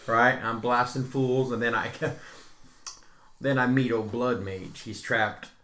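Young male co-host telling a lively game story in a roomy, echoey space. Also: mid-range voice. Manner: animated, acts out dialogue in quick voices. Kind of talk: casual storytelling of a video game playthrough. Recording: echoey room.

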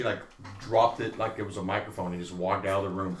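A man's voice: lowish voice, very animated, quick pace, roomy sound. A man casually telling stories among friends, acting out quotes in changing voices. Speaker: podcast co-host. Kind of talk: casual storytelling chat.

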